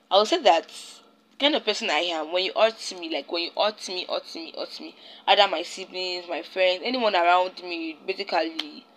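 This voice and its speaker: Rambling Nigerian woman, lowish voice. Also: a bit bright, a little hiss or hum, rough recording. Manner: rambling, searches for words and restarts often. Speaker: podcast host. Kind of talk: casual solo podcast monologue.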